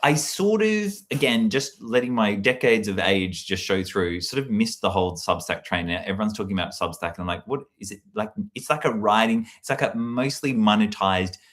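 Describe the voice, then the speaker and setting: A man's voice: fairly low pitch, lively intonation, normal speed, few pauses, fairly bright tone. A man hosting a casual livestream into a handheld mic, rambling with restarts while reading chat aloud. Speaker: livestream host. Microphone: handheld microphone.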